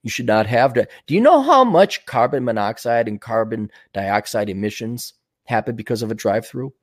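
Podcast guy ranting about the news, sarcastic and sweary, mid pitch. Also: expressive, normal speed. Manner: sarcastic, combative and profane; mocking, laughs at his own jokes. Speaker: podcast host.

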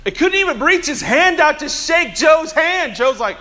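A man preaching a Sunday sermon, telling humorous, chatty stories and slowing down to press points home. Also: very high voice, expressive, pushed and bright. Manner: earnest preaching with slow emphasis. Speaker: pastor.

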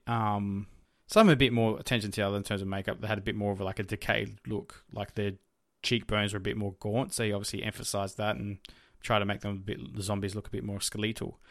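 A man's voice: lowish voice, fairly even intonation, a little fast, a bit bright, dry recording, studio quality. A man co-hosting a casual chat, rambling and searching for words with lots of fillers. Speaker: podcast co-host.

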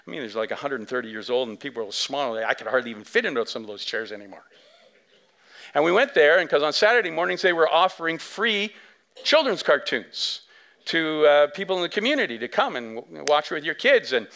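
A male pastor preaching a sermon in an animated storytelling manner. His pitch sits in the middle but swings widely as he acts out the scenes. He talks casually, with plenty of asides and fillers. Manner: animated storytelling, big swings from soft to loud; conversational, many fillers and asides.

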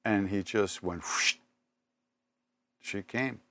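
An older man giving a spiritual talk, telling personal stories in an unhurried, reflective way with pauses and self-corrections. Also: on the low side, fairly bright tone. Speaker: spiritual teacher.

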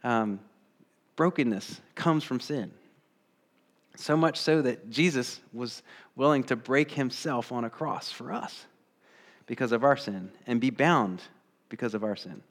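A man's voice: mid-range voice, a little slow, pauses often. Conversational male pastor preaching a sermon. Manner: conversational, asks the congregation rhetorical questions; acts out quoted voices with bursts of energy.

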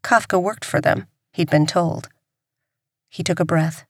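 Brief: female audiobook narrator, lower register, dead-dry studio sound. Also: a little slow, no echo. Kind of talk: scripted narration.

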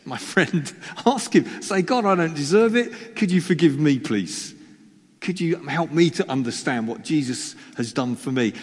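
A male preacher giving a chatty sermon, teasing the congregation and poking fun at himself. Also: a little high. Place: church hall. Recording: long reverb of a church hall.

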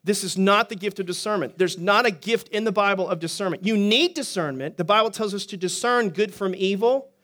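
Middle-aged male pastor, high voice, chatty sermon delivery with quick jokes and restarts. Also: fairly bright tone. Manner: conversational, joking asides, frequent restarts.

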